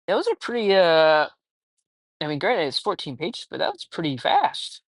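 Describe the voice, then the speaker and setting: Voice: mid-range voice, wildly swooping pitch, normal speed, no echo. A casual comic book reviewer who talks hesitantly, packs in fillers and swears offhandedly. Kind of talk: casual read-along review.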